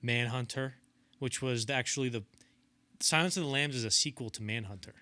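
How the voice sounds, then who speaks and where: A man's voice: medium pitch, fairly quick, dry recording. A young man co-hosting a film podcast, chatting casually and acting out the quotes in his stories. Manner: animated storyteller acting out quotes in voices. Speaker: podcast co-host. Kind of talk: casual film-history chat.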